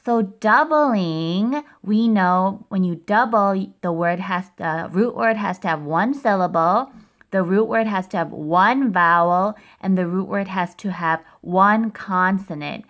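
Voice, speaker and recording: A woman's voice: mid-range voice, slow pace, fairly bright tone. A woman teaching a recorded phonics lesson to first graders, explaining spelling rules step by step in a patient way.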